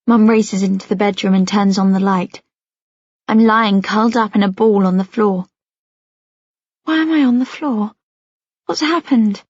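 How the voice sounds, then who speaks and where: A woman reading a first-person audiobook in a hushed voice that often drops to a whisper. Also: medium pitch, a little slow, husky, no room sound. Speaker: audiobook narrator. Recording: dull, dry lo-fi audio.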